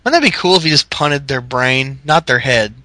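A man's voice: medium pitch, animated, moderate pace, bright, forceful tone, dry recording. A man co-hosting a podcast, rambling through a wrestling recap with fillers, laughs and swearing. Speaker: podcast co-host. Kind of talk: casual wrestling recap chat.

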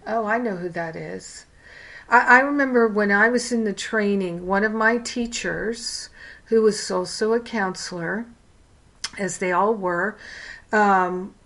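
A woman's voice: medium pitch, a bit bright. A woman teaching a counseling class in a frank, conversational way, telling stories from her own training. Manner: candid, storytelling, frank. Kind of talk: casual class lecture.

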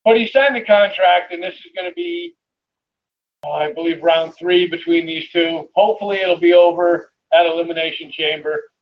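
A man's voice: a little high, normal speed, muffled recording. A man co-hosting a casual wrestling review show, talking hesitantly with lots of fillers. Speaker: podcast co-host.

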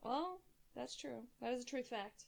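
A woman's voice: on the high side, expressive, normal speed, creaky, a crowd in the background. A woman co-hosting a podcast in casual chat, giggling often and swearing freely in playful banter. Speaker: podcast co-host.

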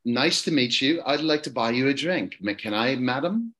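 A man's voice: mid-range voice, lively intonation, moderate pace, a bit bright, close to an everyday voice. A man improvising a pompous British duke chatting up a woman in a pub, with a put-on British accent and a condescending manner. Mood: courtly.

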